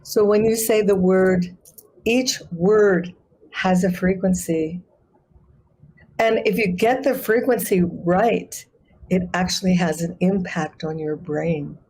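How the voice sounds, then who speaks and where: Woman chant teacher, slow demonstrations. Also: on the low side, steady tone, darkish tone, slightly rough, low-quality recording. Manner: instructive, demonstrates pronunciation slowly. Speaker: guest, sacred chant artist and yoga teacher. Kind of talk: teaching conversation.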